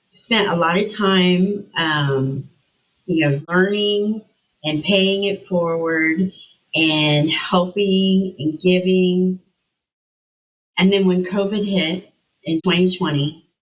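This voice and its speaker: A middle-aged woman, a guest in an interview, telling a personal story and acting out remembered dialogue with animated shifts in her voice. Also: lowish voice, dull audio.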